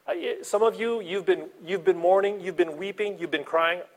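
Animated man preaching a sermon. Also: high voice, normal speed. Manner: animated, swings between soft asides and loud emphasis. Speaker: pastor.

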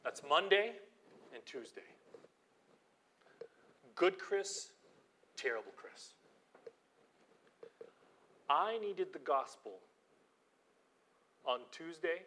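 A pastor, a man, preaching a storytelling sermon, acting out scenes and dropping to a hushed prayerful voice. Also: fairly high pitch, slow pace, long pauses. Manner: animated storytelling, acting out quotes, drops to quiet prayerful tones.

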